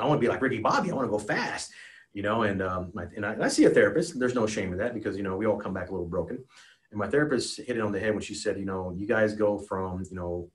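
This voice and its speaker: A retired helicopter pilot from the United States, a guest on a podcast, tells a war story in a casual spoken way. His low male voice is earnest and emotional, and he restarts often and says "you know" a lot.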